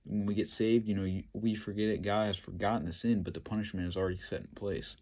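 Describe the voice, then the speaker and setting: A man retelling a Bible story and commenting on it, in a halting, filler-heavy way. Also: fairly low pitch, steady tone, darkish tone. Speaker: Bible teacher.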